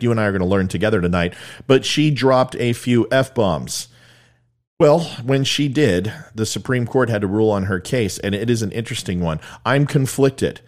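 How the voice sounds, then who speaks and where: Blunt, opinionated man hosting a talk show. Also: fairly low pitch. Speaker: podcast host. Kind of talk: political commentary talk show.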